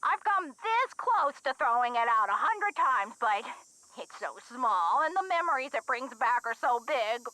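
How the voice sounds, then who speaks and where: A bright, folksy older lady. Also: high-pitched, very animated, moderate pace, no room sound, full character voice, low-quality recording. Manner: folksy, drawling storyteller. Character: older woman, gangster's former sweetheart, folksy. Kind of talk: video game voice acting.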